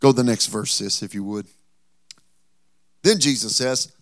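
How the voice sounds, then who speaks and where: A man's voice: mid-range voice, normal speed, no room sound, clean studio sound. A man preaching a sermon as pastor, acting out the people in the story with humor. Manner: preaching with lively acted-out quotes and humor.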